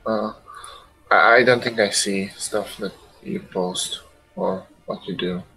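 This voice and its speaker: A man playing a tabletop game, talking casually and haltingly with many fillers. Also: on the low side, steady tone, sharp tone, breathy edge, faint music behind, poor audio. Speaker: player.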